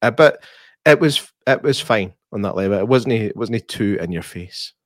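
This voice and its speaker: A man, co-hosting a podcast and giving his easygoing, measured take on a film sequel. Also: fairly low pitch, lively intonation, no room sound, clean studio sound. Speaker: podcast co-host. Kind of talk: casual film review chat.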